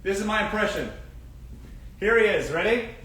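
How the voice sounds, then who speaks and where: A man's voice: high voice, lively intonation, normal speed, fairly bright tone. A man hosting a casual advice livestream, speaking emphatically and repeating his catchphrases. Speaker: show host. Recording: roomy echo.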